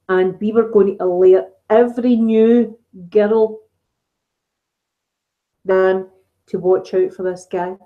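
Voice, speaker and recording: A middle-aged Scottish woman hosts a casual live-stream chat on her ASMR channel, telling stories in a chatty way and laughing frequently. Her voice is mid-range, and the sound is lo-fi.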